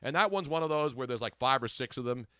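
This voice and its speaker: Brash, lively man hosting radio banter. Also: medium pitch, fast, clean tone, no room sound. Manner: brash, joking, animated storyteller. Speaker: radio show host. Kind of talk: casual on-air banter.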